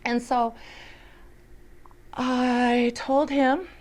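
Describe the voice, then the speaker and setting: A woman's voice: a little high, little pitch movement, very slow, darkish tone. A woman telling an earnest, emotional personal testimony, sometimes dropping to a whisper. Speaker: storyteller.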